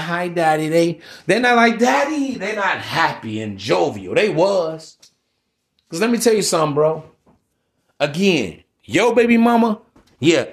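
A man hosting a solo podcast, giving a profane, preachy rant in street slang aimed at his listeners. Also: on the high side. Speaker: podcast host.

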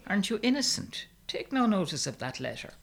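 A man's voice: sits high, sing-song, brisk, gravelly, a bit bright, pitched above the performer's own voice, full character voice. A man voicing a stern farm wife who gives firm, clipped commands.

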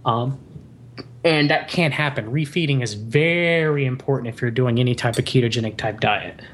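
A man's voice: mid-range voice, normal speed, a bit bright. A man on a podcast as a guest, explaining things in long, winding runs of casual chat.

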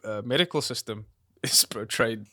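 A man's voice: medium pitch, moderate pace, pushed and bright, no echo, clean studio sound. A man hosting a casual film review podcast, wry and often laughing, with plenty of ums. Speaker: podcast host.

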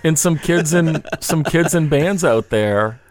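A man's voice: on the high side, expressive, measured pace. A man in casual podcast conversation, talking in a rambling way with many restarts and "you know" fillers.

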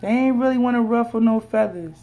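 A woman's voice: fairly high pitch, fairly quick, mellow, faint music behind. A woman hosting a casual solo podcast, talking in slang, teasing her listeners and laughing often. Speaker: podcast host.

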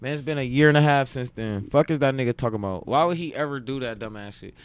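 A man in his late twenties from Cleveland tells long, profane anecdotes with an easy, animated swing. His voice sits at a middling pitch, recorded dry and close. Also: quick pace, clear, resonant tone, dry recording. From Cleveland, Ohio. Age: late 20s. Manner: profane, animated anecdote-telling with frequent laughs. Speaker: podcast guest, musician. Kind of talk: casual storytelling chat.

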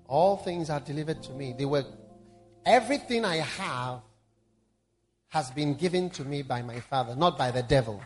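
A man preaching a sermon, moving between loud emphatic calls and hushed prayer. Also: on the high side, lively intonation, normal speed, soft background music.

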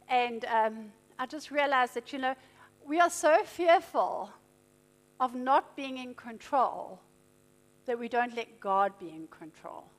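A middle-aged woman with a slightly high voice preaches a sermon, emphatic and animated. She swings between loud declarations and hushed, tender passages.

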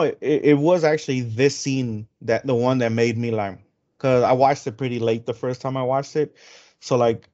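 A man co-hosting a podcast, talking in a loose, rambling way full of fillers and restarts. His voice sits at an ordinary middle pitch. The recording sounds a little dull and lo-fi. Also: darkish tone. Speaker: podcast co-host. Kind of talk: casual chat. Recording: dull lo-fi audio.

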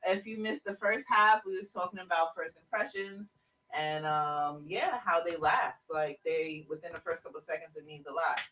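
A woman hosting a podcast in casual chat, loud and excitable, swearing freely. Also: fairly low pitch, normal speed, distant mic, a little hiss or hum, low-quality recording. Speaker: podcast host.

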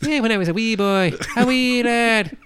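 A man voicing a British fan with a high, squeaky put-on voice, recalling seeing a movie as a boy. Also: moderate pace, a bit bright, clean tone. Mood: giddy.

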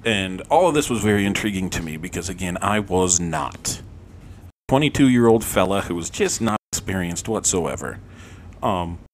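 A man's voice: deep voice, animated, normal speed, a little hiss or hum. A man hosting a podcast, telling a personal story in a rambling, profane, self-deprecating way, with lots of "um"s. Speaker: podcast host. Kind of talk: casual storytelling monologue.

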